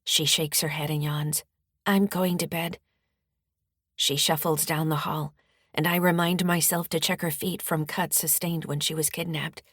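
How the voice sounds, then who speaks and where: A woman author narrating her own mystery-thriller audiobook in the first person, steady and firm in the mother's dialogue. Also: deep voice, moderate pace, husky, no room sound, clean studio sound. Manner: steady storytelling, rising firmly in the mother's lines.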